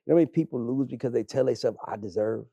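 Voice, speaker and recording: Gravelly, blunt man talking candidly. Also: mid-range voice, very fast, mellow, no room sound, highs cut off. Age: adult. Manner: blunt and emphatic, swears freely. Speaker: podcast guest, music manager. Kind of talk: candid conversational storytelling.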